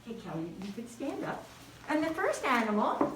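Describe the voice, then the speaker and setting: A woman teaching small children in a classroom, prompting them in a gentle, sing-song way and praising their answers. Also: fairly high pitch, very animated, brisk, slight background noise. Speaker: preschool teacher. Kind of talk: leading a children's Christmas lesson. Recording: very echoey room, distant mic.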